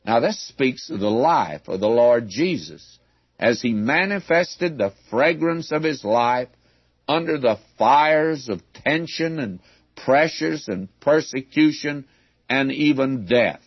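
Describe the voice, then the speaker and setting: A man gives an unhurried Bible teaching, dwelling on each phrase with deliberate emphasis. His voice has a slightly husky edge, and the sound is dry and close, as on an old lo-fi radio broadcast. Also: medium pitch, lively intonation, no echo. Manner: measured, emphatic, with asides.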